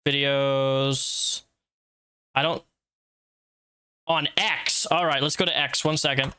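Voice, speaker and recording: A man hosting a livestream and reacting out loud to a social media post, blunt and profane as he lectures the person behind it. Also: mid-range voice, steady tone, slow pace, clear, resonant tone. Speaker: livestream host.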